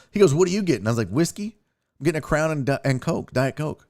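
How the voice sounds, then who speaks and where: In rapid-fire delivery with a mid-range voice, a young man running his own show recounts road trips. The storytelling is casual and profane, with animated acted-out quotes.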